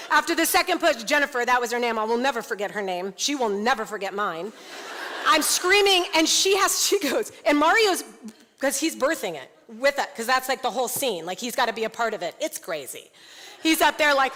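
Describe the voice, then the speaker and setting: A woman founder telling a funny personal story to a women's event audience, animated and laughing often. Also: high-pitched, moderate pace, a little hiss or hum. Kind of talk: comedic personal storytelling talk. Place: large event hall before an audience. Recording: long hall reverb, faint ambience.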